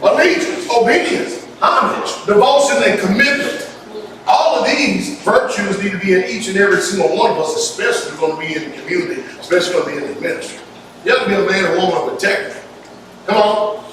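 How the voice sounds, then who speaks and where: A man preaching a sermon as pastor, lively and folksy, with call-and-response and sudden shouts. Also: high-pitched, quick pace, a little hiss or hum. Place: church hall. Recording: echoey hall from far off. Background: congregation laughter.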